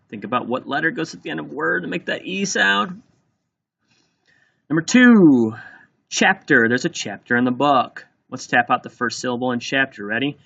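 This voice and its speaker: A man teaching, dictating a spelling test and slowly sounding words out letter by letter. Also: medium pitch, lively intonation, vocal fry, sharp tone, dull audio.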